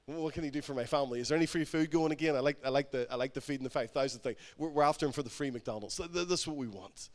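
A man voicing a greedy crowd member after free food, hurried and stammering. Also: mid-range voice, long reverb tail, pitched below the performer's own voice, close to an everyday voice.

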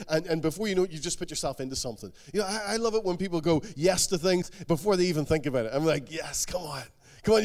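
High-voiced preacher, animated. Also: male voice. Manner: animated, acts out the quotes he tells. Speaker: pastor. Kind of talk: sermon.

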